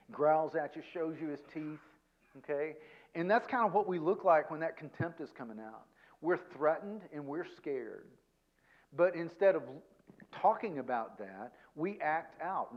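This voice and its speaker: A man giving a conversational seminar talk as a guest counselor, self-deprecating and tagging his points with quick check-ins to the audience. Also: fairly high pitch, lo-fi sound. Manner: chatty, self-deprecating, peppers points with "okay?" and "right?".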